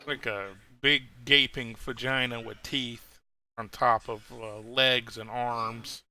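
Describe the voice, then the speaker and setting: A man's voice: medium pitch, fairly even intonation, slow, sharp tone, a little hiss or hum. A man narrating as game master of a tabletop game, rambling, with many fillers and restarts.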